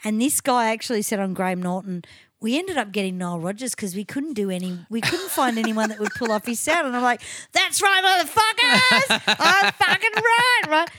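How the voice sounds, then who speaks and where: Brash, loud woman co-host. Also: mid-range voice, expressive, quick pace, background noise. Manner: brash, loud, swears freely. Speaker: podcast co-host. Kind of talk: casual chat.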